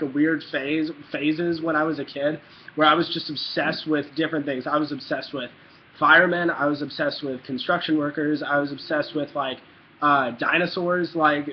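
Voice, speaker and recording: A young man telling a rambling childhood story in a casual vlog, full of fillers and restarts. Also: fairly high pitch. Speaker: vlogger. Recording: dull lo-fi with faint hiss.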